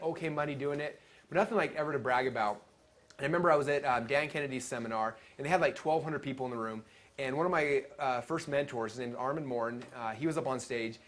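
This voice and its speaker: A man telling stories at a live seminar, animated and acting out the quotes he tells. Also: on the high side. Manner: animated storytelling, acts out quotes. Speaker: seminar speaker.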